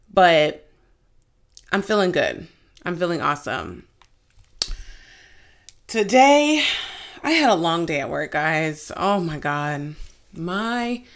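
A woman in her twenties hosting a casual podcast, telling stories in an animated, giggly way with sudden loud outbursts. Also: lowish voice, slow, long pauses. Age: 20s. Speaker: podcast host. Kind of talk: casual chat.

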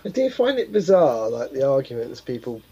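A man's voice: mid-range voice, sing-song, normal speed, warm tone, breathy edge, highs cut off. A man co-hosting a casual chat show, chiming in with wry quips and chuckles. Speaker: co-host.

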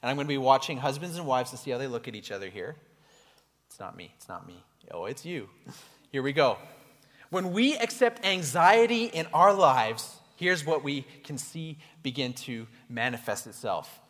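A male pastor preaching an animated, conversational sermon to his congregation in a church hall. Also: mid-range voice, normal speed. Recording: echoey hall reverb.

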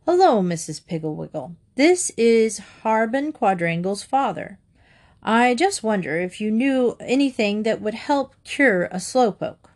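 A woman reading a storybook, voicing a calm, cheerful father who speaks in a relaxed, matter-of-fact way. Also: fairly high pitch, measured pace.

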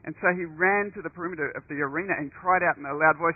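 A man's voice: fairly high pitch, racing, breathy edge. A man preaching a sermon, telling a story in an earnest way, often restarting and repeating words. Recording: narrow phone-like radio broadcast.

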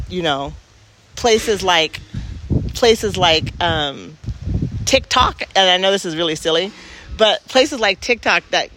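A woman's voice: on the low side, fairly bright tone, a little hiss or hum. A woman in casual reflective talk, speaking earnestly and emphatically and restarting her sentences as she thinks aloud.

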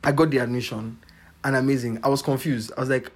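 A young man from Nigeria speaks, hosting a podcast. He tells a personal story in an animated, exclamatory way and laughs between lines. His voice sits at an ordinary middle pitch. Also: fast. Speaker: podcast host.

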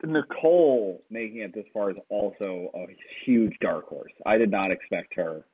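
A man's voice: fairly low pitch, moderate pace, slightly rough. A man co-hosting a casual sports podcast who talks in a laid-back, casual way and swears freely. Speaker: podcast co-host. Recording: tinny phone-like line.

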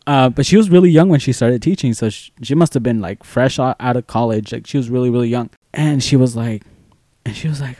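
A young man co-hosting a podcast, telling a story in casual chat, animated and swearing freely as he acts out quoted voices. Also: mid-range voice, fairly quick, dry recording, clean studio sound. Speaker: podcast co-host.

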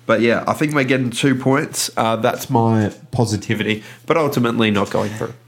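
A man's voice: medium pitch, fairly quick. A man co-hosting a casual football podcast, rambling with lots of ums and restarts. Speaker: podcast co-host. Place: lives in Adelaide.

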